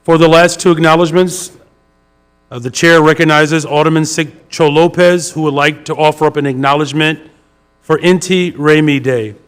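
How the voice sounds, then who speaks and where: A man presiding as mayor over a city council meeting, brisk and lightly joking. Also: a little high, steady tone, clear, resonant tone. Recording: faint crowd and noise.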